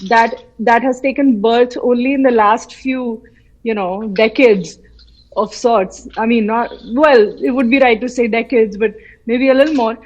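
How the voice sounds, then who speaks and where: A woman from central India speaks as an interview guest on a remote call, her voice sitting a little high. She tells her story with lively animation and acts out the voices she remembers. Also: unhurried, dull audio. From Madhya Pradesh, India. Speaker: guest, film artist. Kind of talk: casual interview. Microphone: remote call from her home city.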